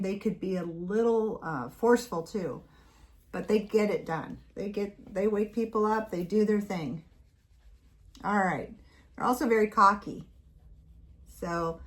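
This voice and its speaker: A woman giving a casual tarot reading to viewers, chatty and playful, breaking off to talk to her dog. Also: medium pitch. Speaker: tarot reader.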